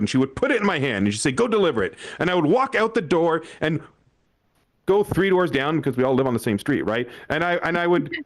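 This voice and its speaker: A young man doing a stand-up comedy set on a club stage, telling family stories with acted-out quotes and frequent laughter. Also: sits high.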